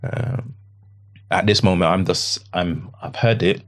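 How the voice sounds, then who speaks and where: A man with a very low, deep voice tells a painful story from his own life. He speaks haltingly, repeating phrases and quoting what he said back then. He often sinks into a hushed, near-whisper tone. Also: fairly even intonation. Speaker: podcast guest. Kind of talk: emotional personal account.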